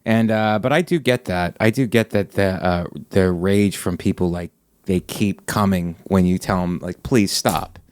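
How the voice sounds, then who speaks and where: A man hosting a podcast in casual chat, talking emphatically and getting animated when he argues a point. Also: deep voice, measured pace, smooth, dry recording, clean studio sound. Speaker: podcast host.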